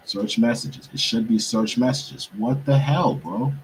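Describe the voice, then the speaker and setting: A man's voice: mid-range voice, measured pace, noisy background. A young man hosting a show, talking casually to viewers while he struggles with his computer, muttering and swearing to himself in frustration. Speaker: podcast host.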